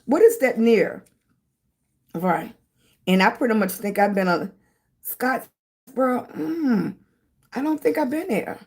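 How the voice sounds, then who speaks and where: Middle-aged woman, live stream host, slightly high voice, unhurried, calls viewers sweetie and baby. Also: animated. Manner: greets viewers warmly with pet names, chatty and playful. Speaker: livestream host.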